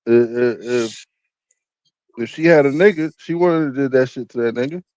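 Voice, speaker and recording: A man's voice: medium pitch, moderate pace, a little mellow, no room sound, dull audio. A man in crude, joking casual chat, co-hosting a podcast. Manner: profane, joking, loose. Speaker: podcast co-host.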